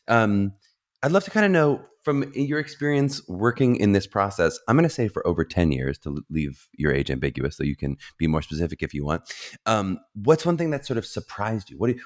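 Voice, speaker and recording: A man with a deep, low-pitched voice hosts a casual podcast interview. His delivery swings widely up and down, playful and joking as he talks with a guest. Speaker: podcast host.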